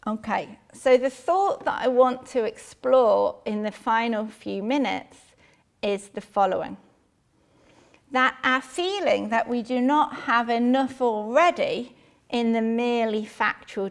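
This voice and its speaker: A woman giving a measured academic philosophy lecture in a lecture hall. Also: on the high side, vocal fry. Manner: measured, reads out quotations.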